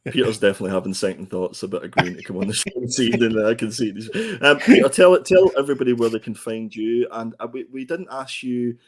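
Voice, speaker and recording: A man's voice: mid-range voice, quick pace, hardly any pauses. A man co-hosting a casual comics podcast over a video call, hesitant and often repeating words. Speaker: podcast co-host. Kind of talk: casual chat.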